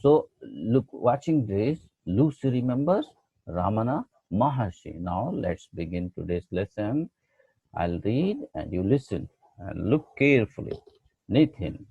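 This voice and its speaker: A man teaches young pupils online, asking simple questions at an unhurried pace in a somewhat husky voice. The recording is dry and tinny, like a phone line. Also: on the low side, big pitch swings, no echo. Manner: slow, patient questions to pupils, mixing in Hindi phrases. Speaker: schoolteacher. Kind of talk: online class lesson for children.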